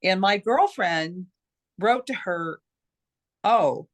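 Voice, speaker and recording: A middle-aged woman, an interview guest, telling a personal story in an animated way with many restarts. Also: medium pitch, takes it slowly. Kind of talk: casual storytelling.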